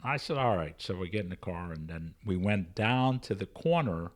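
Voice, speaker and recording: A man's voice: deep voice, animated, normal speed. An older man, an interview guest, telling a story and acting out both sides of the conversations in it.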